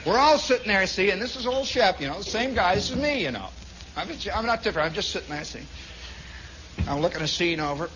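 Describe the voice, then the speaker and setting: A man's voice: high-pitched, lively intonation, a little fast, background noise. A man from Indiana telling a long, rambling story on his radio show, full of asides. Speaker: radio host. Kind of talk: storytelling monologue. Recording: dull lo-fi 1960s radio broadcast.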